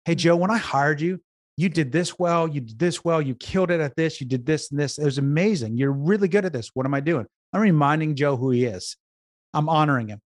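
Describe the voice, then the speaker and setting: A man's voice: on the high side, fairly quick, no room sound, studio quality. A man who is a business consultant, a guest on an interview podcast, telling stories earnestly, repeating words and restarting as he goes. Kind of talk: conversational storytelling interview.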